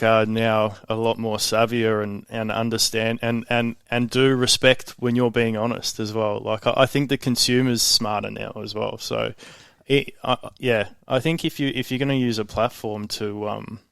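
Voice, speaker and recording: A man, a guest on a casual podcast, talking in a calm, laid-back way. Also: lowish voice, normal speed, vocal fry, few pauses, clear, resonant tone, no room sound, clean studio sound. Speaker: guest, fitness franchise founder.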